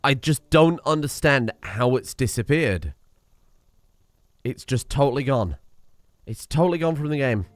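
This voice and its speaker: A young man narrating his own strategy gameplay out loud, talking to himself and cursing as he plays. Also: mid-range voice, no room sound. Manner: talks to himself while playing, swearing and exasperated. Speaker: let's play streamer. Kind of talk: live gameplay commentary.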